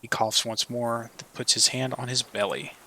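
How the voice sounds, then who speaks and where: Bright-voiced man reading game narration. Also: mid-range voice, fairly even intonation, moderate pace. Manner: reads every part himself. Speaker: let's player.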